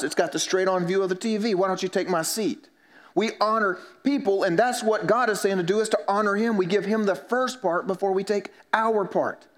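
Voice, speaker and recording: A man with a fairly high voice preaching from the pulpit as a pastor. He talks to the congregation casually, slipping in jokes and acting out short made-up exchanges to make his points. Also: a bit bright. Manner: conversational preaching with humor and mock dialogues. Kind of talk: sermon.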